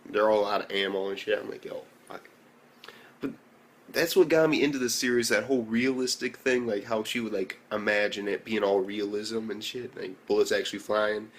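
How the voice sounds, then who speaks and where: A young man reviewing an anime episode in a casual, excitable rant full of slang and swearing. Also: on the low side, a little fast, hardly any pauses.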